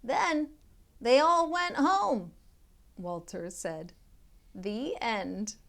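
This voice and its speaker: A woman, a literacy tutor, reading a children's picture book aloud with expressive storybook delivery and chatty asides to young listeners. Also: a little high, extremely slow, creaky.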